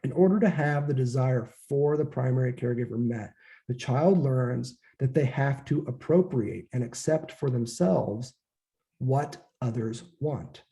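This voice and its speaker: A man's voice: mid-range voice, unhurried, gravelly, mellow. A man giving an informal, conversational lecture, acting out quoted voices and swearing now and then. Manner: casual, conversational, acts out quoted voices, occasional profanity.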